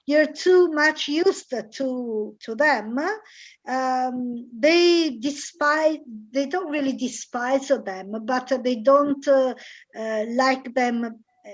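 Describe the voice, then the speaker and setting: A woman's voice: sits high, dull audio. A woman teaching an online English class, hesitant and full of fillers as she quizzes students. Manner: hesitant, many fillers, searching aloud.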